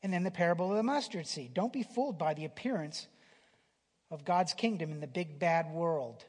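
A man preaching a sermon in a conversational way, restarting phrases and swinging from loud emphasis down to a near whisper, in a church hall. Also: fairly high pitch, a little fast, slightly rough. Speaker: pastor. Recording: long hall reverb.

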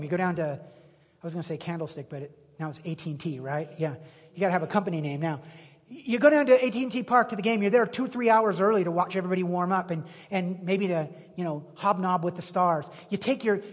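A male pastor with a high, husky voice gives a chatty sermon. He stumbles over and repeats his words. The long reverb of a big hall hangs behind him. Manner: conversational, repeats words, acts out quotes.

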